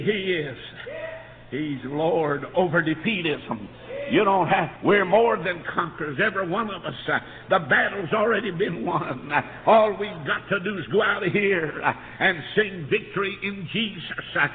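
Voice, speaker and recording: A man preaching a revival sermon, building up to shouted peaks. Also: high-pitched. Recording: tinny lo-fi old tape in a reverberant hall.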